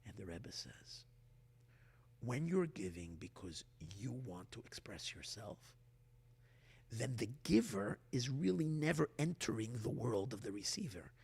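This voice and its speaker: Animated rabbi with a hall echo. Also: male voice, on the low side, a little slow, creaky, husky. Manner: animated, voices the body and Earth speaking, swings from hushed to loud. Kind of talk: Torah class. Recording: long hall reverb.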